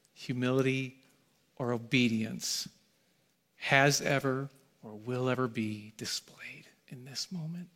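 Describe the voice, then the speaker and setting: A middle-aged man preaching to a live congregation, his voice sitting at an ordinary, mid-range pitch. He drops to hushed, breathy lines, then builds to loud, shouted climaxes. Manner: dramatic swings from hushed to shouted. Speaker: pastor. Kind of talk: sermon. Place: church hall, live before a congregation.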